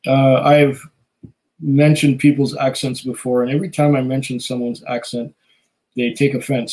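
A man's voice: medium pitch, flat delivery, a little slow, pauses often, a little mellow, low-quality recording. Chatty, rambling man hosting a stream. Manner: rambling, chatty, many fillers and small laughs. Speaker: live stream host reading chat. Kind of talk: casual chat.

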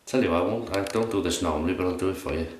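A man casually narrating his shave in a relaxed, chatty, self-mocking way, recorded in his bathroom. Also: low-pitched, very fast, a little hiss or hum. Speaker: shaving vlogger. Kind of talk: casual narration while shaving. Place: bathroom at home. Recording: echoey bathroom.

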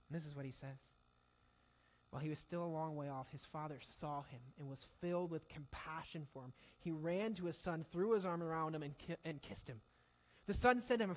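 High-voiced man preaching a lively sermon. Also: poor audio. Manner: animated storytelling, acting out quoted voices. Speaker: pastor. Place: church sanctuary.

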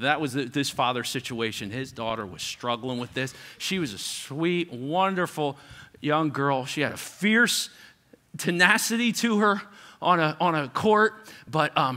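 Animated male pastor, lively bright voice. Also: a little high. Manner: animated, acts out quoted parents with raised voice. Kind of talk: sermon.

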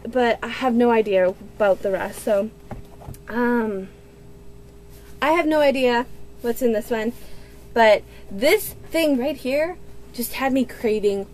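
A young woman in her twenties talks through an unboxing vlog at home. She gushes and gasps with excitement. Her voice sits fairly high, she takes her time, and faint room ambience hangs behind her. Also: a little slow, slight background noise. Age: 20s. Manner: gushing and excitable, with gasps and squeals. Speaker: book vlogger.

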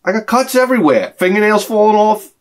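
A middle-aged man ranting to camera as a vlogger, profane and sarcastic, dropping to mutters and then shouting his outbursts. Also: sits high, a little fast. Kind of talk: rambling comic rant to camera.

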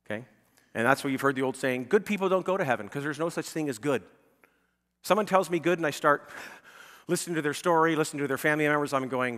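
Talking fast in a fairly bright voice on the high side, a male pastor preaches a conversational sermon in a church sanctuary. He often asks the congregation "okay?" and "right?" and builds to emphatic, pleading peaks, all under long church reverb.

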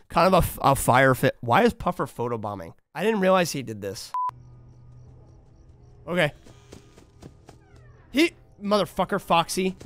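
A man streaming a game, chatting casually with plenty of swearing and suddenly breaking into shouts. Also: fairly high pitch, unhurried, pauses often, faint music behind. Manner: excitable and profane, jumps to sudden shouts; mimics other people in anecdotes. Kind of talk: casual gaming stream chat.

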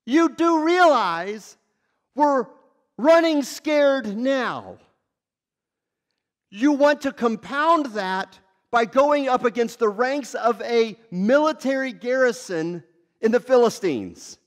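A scared, doubtful male soldier questions his leader in an incredulous, drawn-out voice, as a preacher puts him on. His tone sits high and strained with disbelief. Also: lively intonation, heavily acted. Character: frightened band of male fighters, doubtful.

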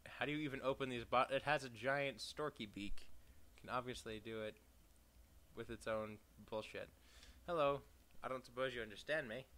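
Young man, bright tone, casual game commentary, sarcastic, swears, sudden yelps. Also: mid-range voice, normal speed. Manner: profane, sarcastic, reads game text aloud; sudden loud outbursts. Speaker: let's play gamer.

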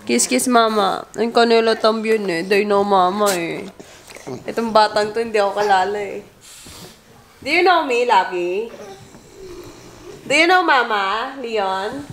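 A Filipino mother in her thirties from the Philippines coaxes her baby with playful baby talk in a casual family vlog, switching between English and Filipino. Her mid-range, fairly bright voice moves at a measured pace with long pauses, recorded in a roomy home room with faint noise.

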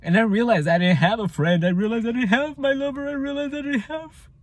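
A man with a high voice speaks in a raw personal account. He is emotional, circles back over his own words and swears freely. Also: fairly quick, dry recording. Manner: emotional, repeats himself, swears. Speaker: vlogger telling his own story.

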